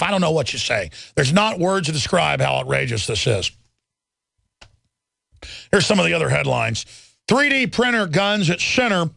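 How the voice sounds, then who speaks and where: A man's voice: mid-range voice, vocal fry, a bit bright, dry recording. A man hosting a talk radio show, ranting angrily and repeating himself as he works up his outrage.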